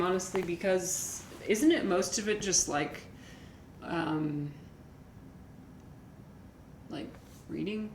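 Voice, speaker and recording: Casual woman streamer, talks in loose rambling bursts; low-pitched, recorded in an echoey room. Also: slow pace, long pauses, a little mellow. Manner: chatty, rambling, many fillers and restarts. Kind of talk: casual chat with viewers. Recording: echoey room with faint noise.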